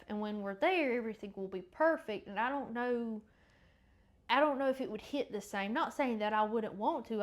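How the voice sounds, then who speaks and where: Chatty woman hosting a faith podcast. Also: fairly high pitch. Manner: rambling, self-correcting, chatty. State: congested. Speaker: podcast host. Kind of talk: casual faith chat and Bible reading.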